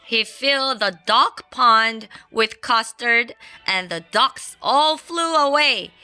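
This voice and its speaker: A woman reading a children's storybook aloud in a playful, expressive way. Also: on the high side, slow, clear, resonant tone. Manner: playful and expressive, adds sound effects. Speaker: storybook reader. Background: faint classical background music.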